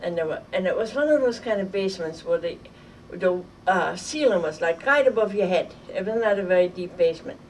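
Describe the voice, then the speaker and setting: An older woman from Germany telling a vivid, halting story from her childhood in an oral history interview. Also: on the low side, animated, a little mellow. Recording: distant mic with faint noise.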